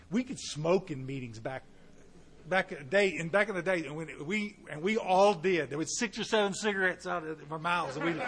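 A middle-aged man, giving a folksy personal testimony to a recovery meeting, with asides to the audience and bursts of animated volume. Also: on the high side, a little hiss or hum. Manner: shifts between quiet and loud animated bursts.

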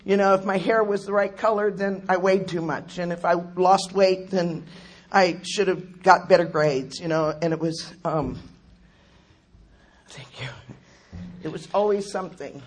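Hoarse middle-aged woman, laughing often. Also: lowish voice, fairly even intonation, measured pace. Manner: chatty and self-mocking, laughing often. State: hoarse from a cold. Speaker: speaker at a recovery meeting. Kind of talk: personal recovery share. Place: meeting room with an audience.

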